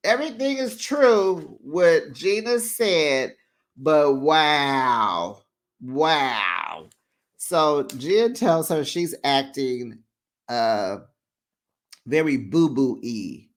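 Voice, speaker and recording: Sassy recap host gossiping slow and easy, voice bouncing way up and down. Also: medium pitch, expressive. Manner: chatty and sassy, with frequent laughs and acted-out quotes. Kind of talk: casual recap commentary.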